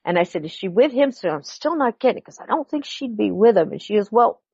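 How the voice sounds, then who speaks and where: A woman's voice: mid-range voice, fast talker, slightly rough, no room sound. A middle-aged woman guest telling a personal story, acting out the dialogue as she goes. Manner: animated, acts out quoted dialogue. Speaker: podcast guest. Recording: dull lo-fi recording.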